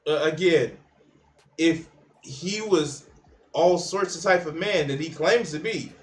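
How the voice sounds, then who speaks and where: A man with a fairly high-pitched voice talks through clips on his stream in a blunt, profane way. He trails off and restarts his thoughts as he goes. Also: takes it slowly. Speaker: livestream host reacting to videos. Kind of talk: casual reaction commentary.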